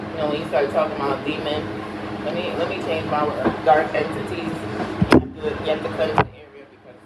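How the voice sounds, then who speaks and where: A woman with a Caribbean accent, a spiritual reader chatting bluntly and preachily to her viewers, repeating herself. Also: low-pitched. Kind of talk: casual spiritual chat to viewers. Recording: roomy, far from mic, loud background noise.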